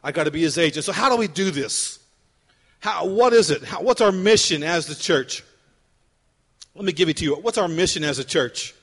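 A bright, high-pitched male pastor preaching in a church with a long, ringing reverb. He repeats his phrases for emphasis, rising to loud declarations and then dropping low and soft. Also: expressive, normal speed. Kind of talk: sermon. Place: church sanctuary.

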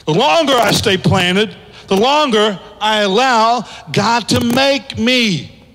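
A pastor in his fifties preaching a sermon in a large church, animated, with big swings in pitch and shouted peaks. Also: slow. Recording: long hall reverb.

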